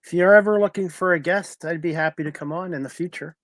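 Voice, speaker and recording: A man hosting a talk show over a video call, asking guests steady, earnest questions. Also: on the high side, quick pace, no echo. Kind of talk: casual interview.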